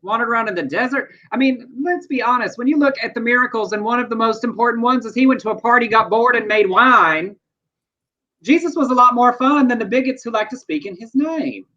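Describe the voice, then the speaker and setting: A man co-hosts a live news chat show, speaking earnestly and reflectively and weaving in personal stories. His voice is high and bright. The audio is slightly dull and muffled. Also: fairly quick. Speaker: co-host.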